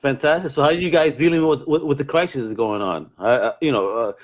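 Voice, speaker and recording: A man hosting a casual interview over a video call, excitable and animated, stumbling over his words as he asks questions. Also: medium pitch, quick pace. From Latin America. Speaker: host.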